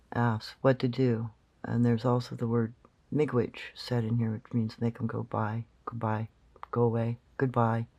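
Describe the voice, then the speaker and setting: A man's voice: medium pitch, creaky, warm tone, lo-fi sound. A man explaining a recording in casual commentary, rambling and thinking aloud with many fillers. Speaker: channel host.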